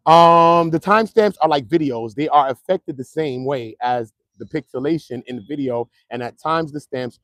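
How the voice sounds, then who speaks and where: A man streaming trial updates from outside a courthouse, joking in loose street talk that swings from loud to muttered. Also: on the high side, normal speed, hardly any pauses, no room sound, studio quality. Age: adult, at least 55. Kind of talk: casual live-stream chat. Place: outdoors near a courthouse.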